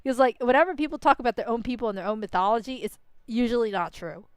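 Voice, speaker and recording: Woman game streamer, ranting commentary, crisp close voice, dry sound. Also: a little high, quick pace, dry recording. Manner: animated, ranting, swears a lot. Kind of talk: casual reaction commentary.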